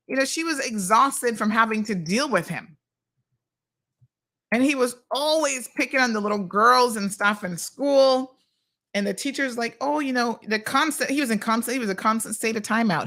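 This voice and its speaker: A Caymanian woman hosting a chatty show, reading out viewer comments and telling sassy, animated stories. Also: medium pitch. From Cayman Islands. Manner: sassy, animated storytelling with "honey child" asides. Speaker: host.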